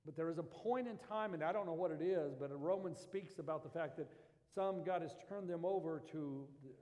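A man's voice: on the high side, a little fast, darkish tone, in a large hall. A man preaching a Sunday sermon, reading scripture and rising to impassioned pleas. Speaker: pastor.

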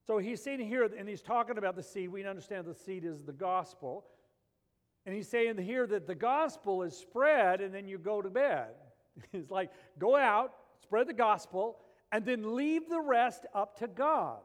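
A man preaching a sermon, animated, swinging between loud emphasis and quiet, intense passages. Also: high voice, measured pace, in a large hall. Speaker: pastor.

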